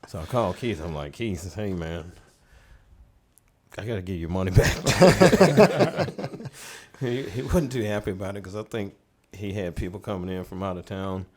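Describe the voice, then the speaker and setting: A middle-aged man, a studio owner casually telling stories as a podcast guest with relaxed, rambling anecdotes. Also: on the low side, unhurried, a crowd in the background. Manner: relaxed, rambling anecdotes, laughing as he tells them. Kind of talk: casual storytelling in a podcast interview.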